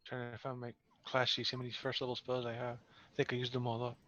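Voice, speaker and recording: A man playing in a tabletop game, talking quickly and half muttering to himself. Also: medium pitch, completely flat delivery, bright, forceful tone, lo-fi sound. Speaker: player. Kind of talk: casual chat at a tabletop game.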